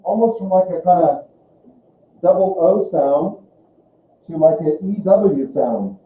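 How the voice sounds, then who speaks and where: A male teacher giving a classroom language lesson, slowly drawing out sounds as he demonstrates them. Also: high-pitched, lively intonation, a little hiss or hum. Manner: slow, drawn-out demonstration of sounds. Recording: echoey classroom over a tinny line.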